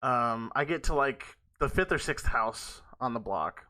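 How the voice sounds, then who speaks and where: A man's voice: mid-range voice, animated, a little slow, pushed and bright. A man hosting a podcast, telling a rambling, profane story in casual talk and often laughing mid-sentence. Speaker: podcast host.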